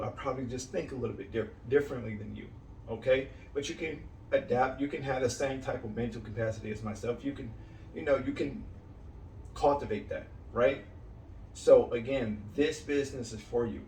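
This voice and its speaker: A man's voice: medium pitch, a little hiss or hum. A man delivering a blunt motivational coaching talk. He keeps checking in with his listeners and hammers his key lines home by saying them twice. The sound is roomy and picked up from some distance off the mic. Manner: blunt and direct, ends points with "right?" and "okay?"; repeats key lines for emphasis. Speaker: cleaning business coach.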